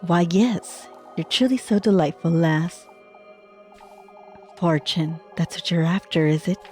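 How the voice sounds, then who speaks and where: Woman doing a slow taunting serpent spirit, low voice, mocking, horror game dialogue. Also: a little mellow, faint music behind, close to an everyday voice. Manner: mocking, calls her lass.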